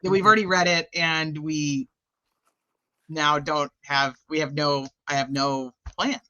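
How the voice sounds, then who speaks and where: Bright-voiced woman hosting a casual live chat. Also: low voice, fairly even intonation, measured pace, dry recording, lo-fi sound. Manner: swears freely, laughs often, scattered. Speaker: live stream host.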